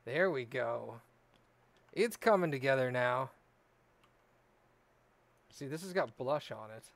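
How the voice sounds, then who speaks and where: A man chatting in a laid-back way with a friend while doing a jigsaw puzzle, quick to laugh. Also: mid-range voice, lively intonation, vocal fry, no echo. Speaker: co-host.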